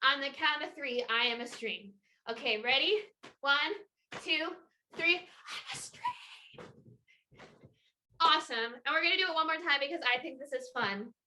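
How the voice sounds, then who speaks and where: A bright, high-pitched young woman leads children through a lively movement lesson over a video call. She sounds energetic, encouraging and playful. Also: normal speed, slight background noise. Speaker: children's water festival educator. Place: home, indoors.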